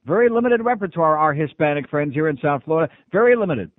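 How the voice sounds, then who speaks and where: Male radio host, gruff, sarcastic, slightly high voice, dry tinny broadcast sound. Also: expressive, quick pace, no echo. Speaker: radio talk show host. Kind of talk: call-in radio talk.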